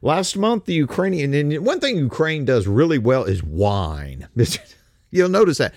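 A man's voice: a little high, sing-song, measured pace, dry recording, studio quality. An older man hosting a political commentary show, who talks sarcastically, mocks his targets and often repeats words as he goes. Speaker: host.

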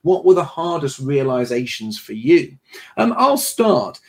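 A man's voice: on the high side, big pitch swings, measured pace, a little mellow. A man hosting a livestream who reads out viewer donations, thanks donors, and tells stories in a chatty way. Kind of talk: casual livestream chat.

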